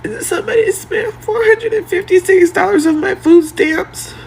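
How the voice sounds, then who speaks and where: A woman's voice: very high-pitched, normal speed, gravelly, a little mellow, a little hiss or hum. A single mother pleading for help, upset and close to tears. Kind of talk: tearful phone video.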